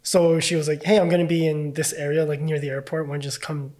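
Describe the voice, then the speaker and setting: A man's voice: a little high, flat delivery, fast, a little mellow. A man casually telling a story as a podcast guest, loose and chatty, full of fillers and swearing.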